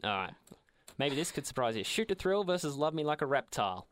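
A man's voice: a little high, very animated, a little fast, fairly bright tone. Upbeat man hosting a podcast. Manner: upbeat, game-show-style announcing. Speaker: podcast host. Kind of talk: casual music discussion.

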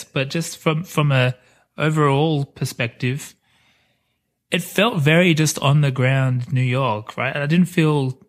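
Laughing, rambling podcast co-host man. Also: fairly high pitch. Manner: laughs often, rambling and enthusiastic. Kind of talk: casual chat about a film.

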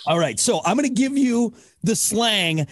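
A man's voice: sits high, lively intonation, unhurried, no echo. Upbeat male interview host, dry sound. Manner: upbeat and enthusiastic, leading the segment. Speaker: radio podcast host. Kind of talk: casual interview chat.

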